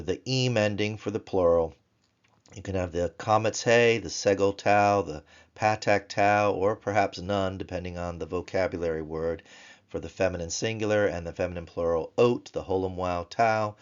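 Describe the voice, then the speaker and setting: A man teaching Biblical Hebrew grammar in a recorded lesson, explaining slowly and chanting word forms in a sing-song voice. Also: low-pitched, smooth, highs cut off. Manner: slow, deliberate explanations.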